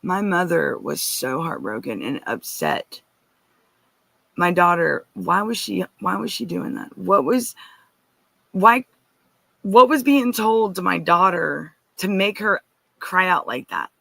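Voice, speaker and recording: A woman's voice: lowish voice, animated, takes it slowly, creaky, a bit bright, no room sound. A woman giving an earnest, rambling personal account as a guest, often restarting and turning to ask listeners directly.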